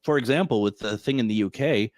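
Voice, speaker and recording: A man's voice: mid-range voice, quick pace, a little mellow, no room sound, clean studio sound. A man hosting a casual radio talk show, chatty and laughing often.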